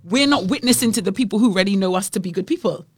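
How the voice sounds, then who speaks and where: A woman's voice: mid-range voice, lively intonation, very fast, husky, dry recording. British woman, playful preachy co-host, dry close sound. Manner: playful, teasing, preachy asides. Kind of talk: casual Christian chat.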